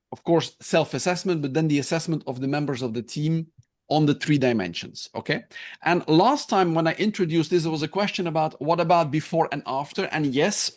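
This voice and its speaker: A man hosts an online webinar over a video call, walking his audience through a new assessment tool. He talks in a loose, explanatory way and pauses to check that everyone is following. His voice sits a little high for a man. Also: a little mellow. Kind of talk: online presentation.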